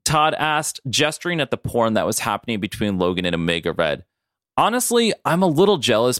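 A man's voice: mid-range voice, no echo, clean studio sound. A man co-hosting a podcast, reading silly fan fiction aloud and laughing at it. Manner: animated, breaks into laughter. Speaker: podcast co-host.

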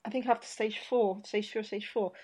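A woman's voice: medium pitch, fairly quick, husky. Chatty woman hosting an interview. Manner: chatty, rambling, animated storyteller with many restarts. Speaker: podcast host. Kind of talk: casual interview chat.

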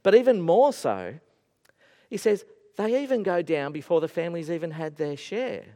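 A man's voice: on the high side, normal speed. Man preaching in an echoey hall. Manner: animated storytelling with acted-out voices. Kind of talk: sermon.

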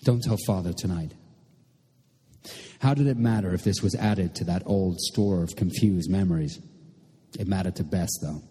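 A man reading a novel aloud in a measured, literary way. His voice is low, husky and mellow. A long hall reverb trails after his words. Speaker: narrator. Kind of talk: audiobook narration.

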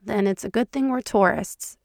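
A woman voicing a teasing man who speaks in a low, even, conversational tone. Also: normal speed, gravelly, no room sound, studio quality, natural voice. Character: teasing wry man, an FBI agent.

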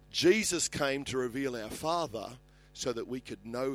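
A man's voice: medium pitch, expressive, a little slow, faint music behind. A middle-aged Australian man preaching a sermon as a pastor, passionate and building in volume when he reads scripture.

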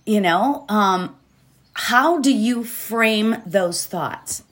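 Extremely slow yet animated, a mid-range female voice carries a casual motivational episode of her positivity podcast. She rambles somewhat, laughs, and keeps asking "right?" to check in.

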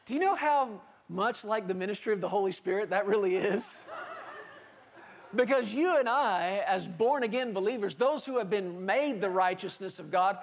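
A male pastor preaches to his congregation in a conversational, storytelling style. He leans into playful anecdotes, acting out little exchanges between characters. His pitch rises and falls freely as he works the room. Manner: animated storytelling preacher, acting out dialogue with laughter. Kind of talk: sermon.

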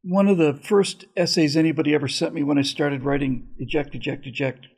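A male host telling a story in casual chat, pausing and searching for words. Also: a little high, fairly even intonation, a little mellow, slightly rough.

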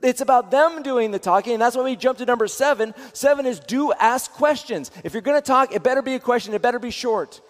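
A man teaching as a pastor on a livestream, energetic and repeating his points for emphasis. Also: very high-pitched, brisk, few pauses. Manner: energetic, repeats phrases, affirming. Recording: long hall reverb.

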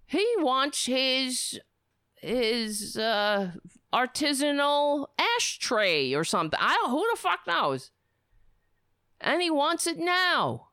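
A woman's voice: fairly high pitch, sing-song, slow, a bit bright, clean tone, no echo, clean studio sound. A woman hosting a political commentary show, delivering a profane, sarcastic, angry rant.

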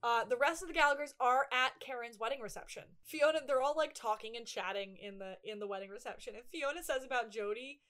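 A woman co-hosting a podcast, recapping a TV episode in casual chat and briskly acting out the characters' lines. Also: a little high. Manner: lively storytelling, acts out characters' lines. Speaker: podcast co-host.

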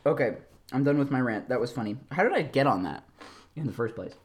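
With a breathy edge and a fast delivery, a podcast host rambles through a solo rant full of fillers and laughs. His voice alternates between low mumbling and loud, animated bursts.

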